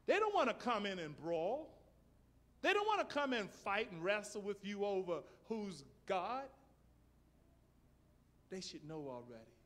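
High, lively preaching man. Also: a little slow, long pauses. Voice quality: emphatic, storytelling, bursts into shouts. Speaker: pastor. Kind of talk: sermon. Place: church service.

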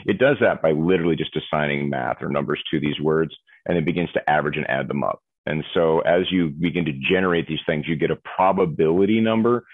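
A man being interviewed as a guest, explaining technology in an animated way and acting out examples. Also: sits low, dry recording. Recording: dry, tinny phone-like audio.

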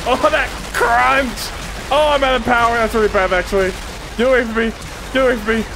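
A woman commentating her gameplay casually, excitable, swearing and trash-talking enemies. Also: a little high, fairly quick, background noise. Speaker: gaming streamer.

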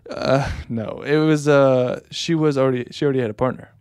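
A man's voice: medium pitch, fairly even intonation, brisk, darkish tone, clear, resonant tone, dry recording, clean studio sound. A young man co-hosting a podcast, talking in a laid-back, rambling, teasing way. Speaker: podcast co-host. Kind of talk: casual chat.

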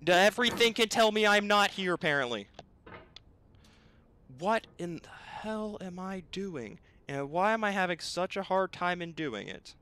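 A man's voice: high-pitched, animated, moderate pace, bright, forceful tone, clear, resonant tone. A young man commentating his own gameplay, exasperated and bickering aloud with the game and himself. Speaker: gaming video host.

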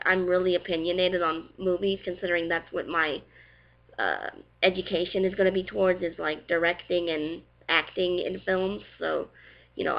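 Here a young woman vlogger with a gentle Southern US lilt runs casually through viewer questions, rambling and filling her talk with "like" and "you know." Her voice sits on the lower side. The highs in the audio are clipped away.

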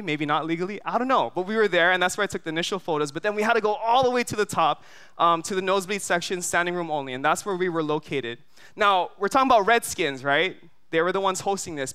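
Animated, bright-voiced preacher from Hawaii. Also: male voice, high voice, clear, resonant tone. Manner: animated storyteller, many fillers, asks the crowd "right?". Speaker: pastor. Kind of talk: sermon with storytelling. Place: church service.

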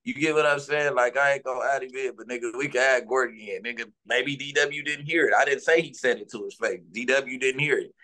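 Heated and insistent, a Los Angeles man talks as an interview guest in profane street slang. His ordinary middle-pitched voice has a sharp tone, and he speaks a little fast with hardly any pauses.

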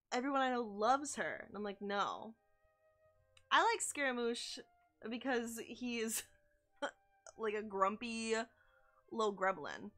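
A woman's voice: on the high side, a bit bright. A young woman chatting casually and gushing while she streams a video game, with lots of likes and oh my gods. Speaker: gaming streamer. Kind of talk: casual live-stream chat while playing.

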